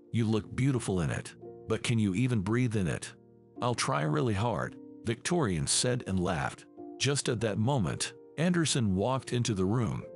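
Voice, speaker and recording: A man narrates a dramatic story with a gravelly edge and a lively, rising and falling delivery. He keeps the same steady voice for every character. Faint music plays quietly behind him. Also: medium pitch. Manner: reads all characters in one steady voice.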